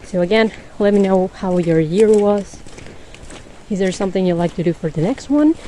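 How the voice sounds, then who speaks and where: A woman's voice: medium pitch, moderate pace, mellow, a little hiss or hum, poor audio. A woman hosting a podcast, chatting in a rambling casual way while walking outdoors on a snowy street, laughing often and a little winded. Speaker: podcast host.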